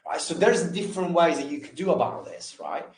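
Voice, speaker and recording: Give me a man coaching sales reps in a loose, filler-heavy way, slightly high voice, recorded in an echoey room. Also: sing-song. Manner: casual, talks fast with many fillers and restarts. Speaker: sales trainer. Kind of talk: live training session on a call.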